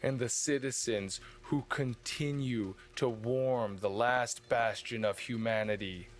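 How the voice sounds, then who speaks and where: A man's voice: medium pitch, takes it slowly, natural voice. A man voicing a fierce, battle-hardened knight commander giving a harsh war speech to his troops. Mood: rousing.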